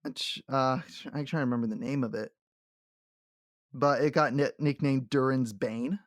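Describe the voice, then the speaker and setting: A man co-hosting a casual podcast who laughs often and acts out quotes from the show in animated bursts. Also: mid-range voice, normal speed, no room sound, studio quality. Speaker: podcast co-host. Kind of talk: casual chat.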